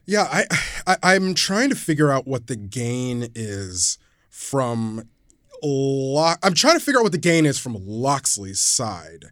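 A man's voice: mid-range voice, big pitch swings, takes it slowly, fairly bright tone, no room sound, studio quality. A man co-hosting a casual sports talk show, often restarting sentences as he recounts what coaches said. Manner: hesitant restarts, recounting quotes. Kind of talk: casual sports podcast debate.

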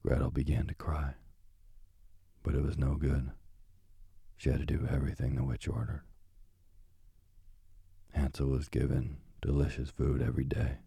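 A man reading a fairy tale aloud as a calm bedtime sleep story, slow and soothing. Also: a bass voice, vocal fry, breathy edge, no room sound, clean studio sound.

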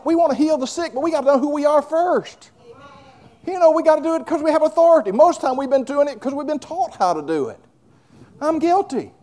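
A man's voice: very high-pitched, darkish tone. A male preacher delivering a fervent sermon, moving between conversational asides and hollered declarations.

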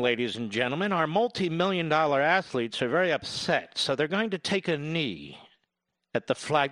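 A man's voice: fairly high pitch, bright, forceful tone, no echo, studio quality. A man giving a sarcastic grocery-aisle rant, rattling off long lists of items. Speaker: commentator. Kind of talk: ranting grocery-store monologue.

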